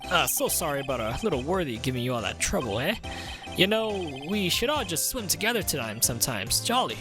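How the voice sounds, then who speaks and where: A man doing a booming jolly police chief. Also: sing-song, brisk. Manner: hearty, chummy, laughing. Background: game music.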